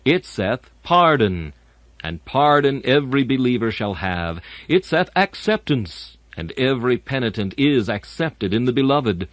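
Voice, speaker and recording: A man's voice: medium pitch, no echo. Dramatic male sermon voice, dry. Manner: dramatic, sweeping rises and falls; solemn, archaic phrasing. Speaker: preacher. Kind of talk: sermon reading.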